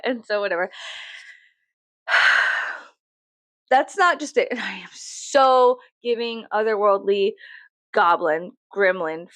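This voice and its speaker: A woman's voice: mid-range voice, fairly bright tone, no echo. A woman, venting profanely and animatedly in a story-time vlog. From Texas, USA. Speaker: vlogger.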